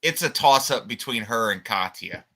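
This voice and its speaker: This co-host of a wrestling podcast hails from Michigan and speaks casually and bluntly, cussing and pushing the channel. He has a medium-pitched, expressive voice with a bright, forceful tone at a moderate pace.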